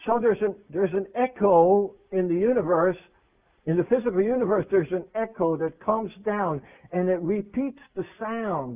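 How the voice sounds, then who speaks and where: A man preaching a sermon in a conversational way. He asks his listeners questions, and his voice swings from loud to hushed. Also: sits high, moderate pace. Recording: tinny phone-like radio recording.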